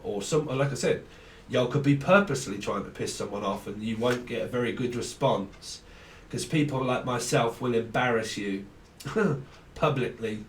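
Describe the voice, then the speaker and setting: A man's voice: mid-range voice, moderate pace, slight background noise. Rambling man channelling a tarot reading. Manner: rambling, free-associating, laughs often. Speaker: tarot reader. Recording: echoey room, mic at a distance.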